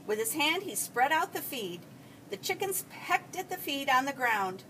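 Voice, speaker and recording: A woman teacher reading a children's picture book aloud, with a high, lively voice that swoops up and down. She tells the story expressively, recorded from a mic set well away from her, with a faint hiss behind. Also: normal speed, recorded from a distance, rough recording.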